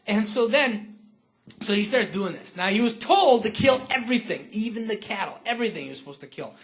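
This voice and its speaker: A pastor delivers a chatty, conversational sermon in a mid-range voice, speaking fairly quickly with lively intonation. He checks in with listeners through frequent asides and retells scripture by acting out its characters.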